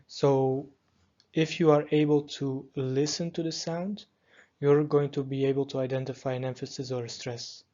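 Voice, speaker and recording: A man's voice: mid-range voice, moderate pace. Man explaining pronunciation, dull lo-fi sound. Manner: calm, methodical explanation with frequent fillers. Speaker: language teacher. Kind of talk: explaining pronunciation in a lesson video.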